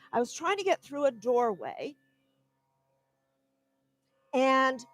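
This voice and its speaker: A woman's voice: a little high, low-quality recording. A woman giving a spiritual talk, telling a personal story in an earnest, heartfelt way. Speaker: guest speaker.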